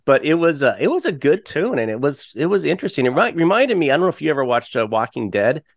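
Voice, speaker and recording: A man's voice: on the high side, sing-song, quick pace, no echo, studio quality. A man co-hosting a podcast, recapping a radio show in a rambling, chatty way. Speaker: podcast co-host. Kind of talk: casual recap chat.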